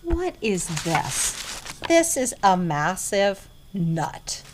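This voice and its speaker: A middle-aged woman reselling vintage goods, chatting casually to her viewers and often dropping into an excited hushed near-whisper. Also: medium pitch, extremely slow, noisy background. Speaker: vintage reseller showing inventory. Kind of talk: casual vlog chat.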